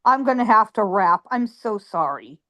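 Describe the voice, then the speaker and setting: A woman guest on a phone, telling a ghost story in a lively way and acting out her own lines. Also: medium pitch, normal speed.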